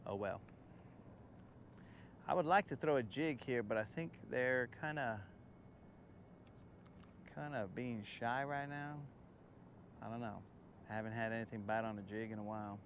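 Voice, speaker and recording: A man hosting a casual fishing livestream outdoors on a boat on a lake, relaxed and slangy, chatting to viewers and coaxing the fish. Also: mid-range voice, a little slow, pauses often, slight background noise. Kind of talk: casual live-stream chat while fishing. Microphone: phone camera on the boat.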